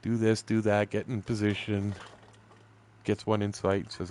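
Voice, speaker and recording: A man's voice: fairly low pitch, completely flat delivery, a little slow, a little mellow, slight background noise. A man in his sixties from southern Ontario with a Canadian accent, chatting loosely and profanely while streaming a fishing game, laughing often. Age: 60s. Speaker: gaming streamer. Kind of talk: casual storytelling while gaming.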